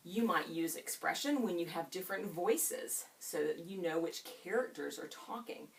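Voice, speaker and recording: Captured by a camera in the room, far from the microphone, a woman with a mid-range voice teaches reading. Her delivery is expressive and teacherly, drawing out important words and putting questions to the students.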